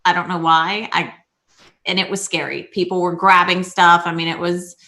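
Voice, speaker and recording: Bright-voiced woman telling stories. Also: on the low side, moderate pace. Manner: animated storyteller, acts out quotes. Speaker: guest. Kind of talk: casual video call chat. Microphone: video call.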